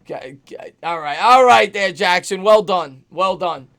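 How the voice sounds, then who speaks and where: Man, high voice, hoarse, upbeat stream host, calls plays, thanks chat donors. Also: unhurried, a bit bright. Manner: upbeat, reads out super chats and calls plays. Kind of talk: live play-by-play stream with chat shout-outs.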